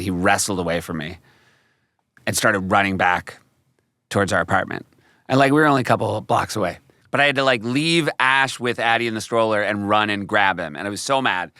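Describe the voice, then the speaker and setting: Guy with a deep voice chatting on a podcast, tells kid stories, dry close sound. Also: dry recording. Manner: animated storyteller, mimics his kids. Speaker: podcast co-host. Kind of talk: casual chat.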